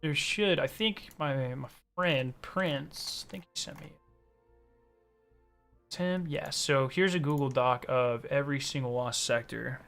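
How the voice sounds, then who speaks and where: A man chatting casually on a gaming stream, excitable and ranting with plenty of swearing. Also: mid-range voice, measured pace, vocal fry, soft background music.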